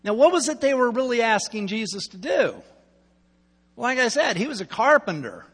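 A male pastor preaching a sermon, telling the story with asides and swinging between loud and hushed delivery. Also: very high voice, very animated, normal speed, husky. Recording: long hall reverb.

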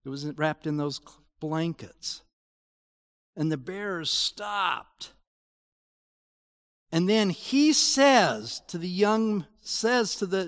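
A man preaching a sermon, his voice sitting high for a man. He talks slowly and earnestly, building to emphatic peaks, and the sound rings out through a hall with a long reverb. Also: expressive, fairly bright tone. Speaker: pastor.

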